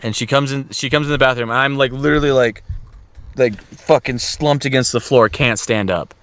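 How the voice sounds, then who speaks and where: A man's voice: medium pitch, moderate pace, a bit bright. A young man telling a long crude story in a casual podcast chat, swearing often and acting out quotes with laughs.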